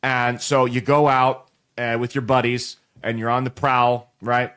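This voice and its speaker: A man's voice: medium pitch, flat delivery, a little slow, a bit bright, smooth. A man in his late twenties hosting a show, telling a crude, rambling comic story straight to viewers with plenty of restarts. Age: late 20s. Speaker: show host. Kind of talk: comedic monologue to viewers.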